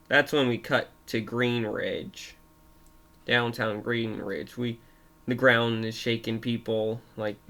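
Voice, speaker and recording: A young man retelling a made-up story off the cuff, halting and giggly, with many restarts. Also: medium pitch, fairly bright tone.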